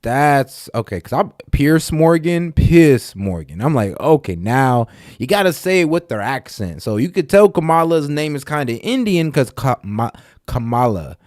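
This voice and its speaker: A man's voice: fairly high pitch, sing-song, moderate pace, hardly any pauses, darkish tone, dry recording, clean studio sound. A man hosting a reaction video, talking bluntly and with profanity in casual commentary. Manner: blunt and profane, talks straight to viewers.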